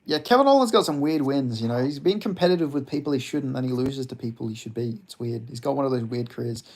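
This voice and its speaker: Young male streamer, gravelly fry, loose, laughing, swears freely. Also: mid-range voice, fast talker, darkish tone. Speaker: livestream host reading chat. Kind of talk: casual stream chat.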